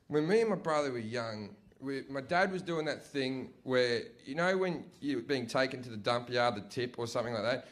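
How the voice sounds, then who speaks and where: A young man doing profane stand-up storytelling, acting out his family's voices. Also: mid-range voice. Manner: profane, animated, acts out family members' voices. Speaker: stand-up comedian. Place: comedy stage before a live audience.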